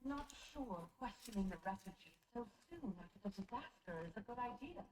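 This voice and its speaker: A woman voicing grieving game characters, higher voice. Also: animated, a little fast, darkish tone, close to an everyday voice, poor audio. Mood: earnest.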